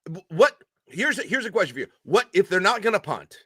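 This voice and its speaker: Male sports podcast co-host, bright tone, joking, loose and rambling. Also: sits high, a little fast, slightly rough, dry recording, clean studio sound. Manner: animated, jokey, rambling. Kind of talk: casual sports chat.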